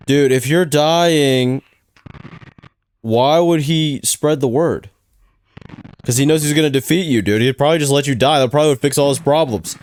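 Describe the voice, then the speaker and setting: A young man hosting a reaction video, joking around and thinking out loud in casual slang. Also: fairly high pitch, normal speed.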